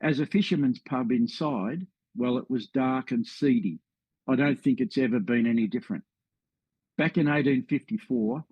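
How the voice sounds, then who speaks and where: Aussie bloke giving a history talk over a call, dry muffled sound. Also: male voice, mid-range voice, slightly rough, dry recording. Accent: Australian. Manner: friendly, wry asides. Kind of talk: storytelling presentation.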